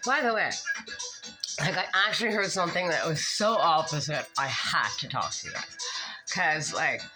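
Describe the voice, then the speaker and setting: A woman's voice: low-pitched, expressive, moderate pace, music in the background, poor audio. A woman vlogger telling a meandering personal story, drifting between English and French with many fillers. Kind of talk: rambling personal storytelling vlog.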